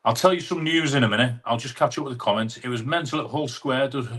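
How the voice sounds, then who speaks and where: A man's voice: mid-range voice, quick pace, fairly bright tone. A man with an English accent hosting a casual live stream, chatting in a matey way and reading out viewer comments.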